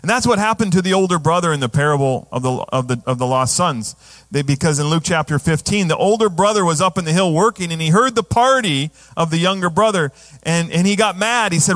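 A man's voice: fairly high pitch, animated, a little fast. Man preaching a conversational sermon. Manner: conversational, asks the congregation questions. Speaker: pastor.

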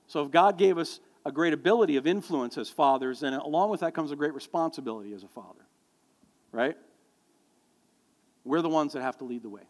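A middle-aged male pastor preaching a sermon, telling stories and joking with the congregation. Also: on the high side. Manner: storytelling, animated, jokes with the congregation. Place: church sanctuary. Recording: long hall reverb.

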